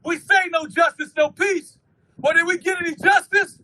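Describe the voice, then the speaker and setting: A man giving an impassioned protest rally speech, shouting fiery, rhythmic oratory. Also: very high voice, steady tone, normal speed, poor audio. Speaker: rally speaker.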